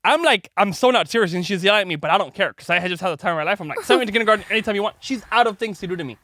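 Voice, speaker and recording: A man hosting a podcast, telling a story to his daughter in a chatty, animated way, full of "like" and "right?", and acting out the voices of the people in it. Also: sits high, racing, no room sound, studio quality. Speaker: podcast host.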